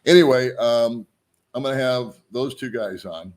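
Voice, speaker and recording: A man's voice: mid-range voice, measured pace. A man hosting his own vlog, chatting casually and loosely, with frequent ums and chuckles. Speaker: vlog host. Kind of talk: casual rambling vlog chat.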